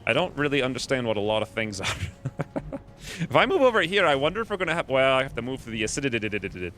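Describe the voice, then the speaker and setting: A man's voice: mid-range voice, sing-song, fast, sharp tone. A man giving playful live commentary while streaming a game, coining silly nicknames as he plans each move.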